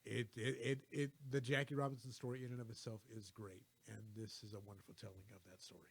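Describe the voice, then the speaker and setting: A man co-hosting a casual movie talk show, speaking in a measured, hesitant way. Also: medium pitch, fairly even intonation, dry recording.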